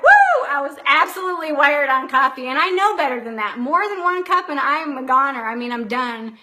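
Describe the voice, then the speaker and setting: A woman's voice: high voice, sharp tone. A middle-aged woman, host and anxiety coach, telling a story in a chatty live-stream talk and acting out her own reactions.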